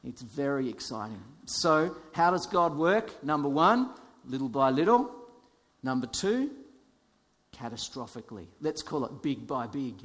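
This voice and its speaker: A man preaching a sermon, dramatic in delivery, dropping from loud to whispers, with light self-deprecating humor. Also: a little high, long reverb tail. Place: church.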